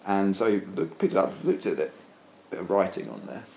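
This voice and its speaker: Deep-voiced man rambling through a comic tale. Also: a little fast, a little hiss or hum. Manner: rambling, deadpan, many fillers. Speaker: storyteller. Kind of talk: casual comic storytelling. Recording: roomy echo, faint ambience.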